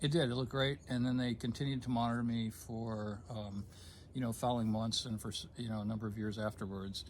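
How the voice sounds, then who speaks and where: A man's voice: medium pitch, flat delivery, fairly quick, a little hiss or hum. Man in his fifties, hesitant storyteller. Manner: hesitant, many ums, gets choked up then laughs. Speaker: guest sharing a personal story. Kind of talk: conversational storytelling.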